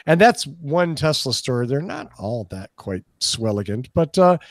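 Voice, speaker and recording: A man's voice: medium pitch, big pitch swings, unhurried, no echo. A man co-hosting a podcast, chatting casually and joking, with hesitant restarts. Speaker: podcast co-host. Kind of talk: casual chat.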